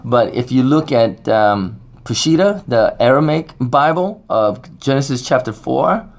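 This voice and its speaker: A man's voice: medium pitch, lively intonation, measured pace, creaky. A middle-aged man giving a casual, rambling talk on scripture at a faith gathering, with many fillers and restarts.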